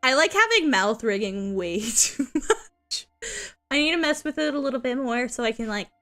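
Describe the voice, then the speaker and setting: Giggly high-voiced woman streamer. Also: expressive, moderate pace, bright, forceful tone, faint music behind. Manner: giggly, rambling, playful whining. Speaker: VTuber streamer. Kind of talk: casual live-stream chat.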